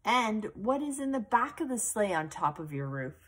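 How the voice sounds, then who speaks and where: A woman voicing a helpful girl from across the street who speaks in a bright, coaxing way. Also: mid-range voice, big pitch swings, normal speed, husky, voice pushed up. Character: helpful girl next door, calm and knowing.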